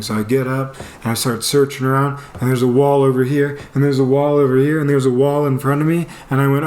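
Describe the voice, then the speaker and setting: A young man telling a casual story about himself, animated, laughing often and acting out his own panicked lines. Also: mid-range voice, moderate pace. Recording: echoey room.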